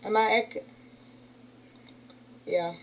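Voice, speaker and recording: A woman's voice: mid-range voice, fairly even intonation, extremely slow, slight background noise, low-quality recording. A woman hosting a casual livestream, talking in a rambling, indignant way. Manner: rambling, indignant, uses y'all. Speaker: livestream host. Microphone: computer mic on a stream.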